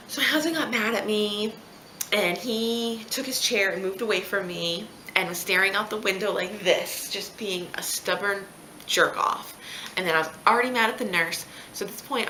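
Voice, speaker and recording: A woman's voice: mid-range voice, brisk, a little hiss or hum. A mother telling her birth story in a casual vlog, acting out the quoted lines of the people involved. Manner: animated, acts out quoted dialogue. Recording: echoey room.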